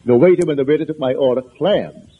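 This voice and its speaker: A man's voice: mid-range voice, rapid-fire, slight background noise. A man with an accent giving a spiritual lecture, conversational and anecdotal, with emphatic repetitions. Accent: foreign accent. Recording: tinny lo-fi lecture recording.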